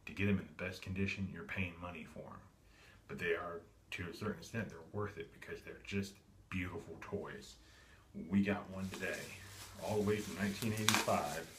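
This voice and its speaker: A man casually narrating as he unboxes and shows off a vintage toy, rambling and correcting himself with lots of ums. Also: deep voice. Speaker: toy collector vlogger. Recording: echoey room with steady background noise.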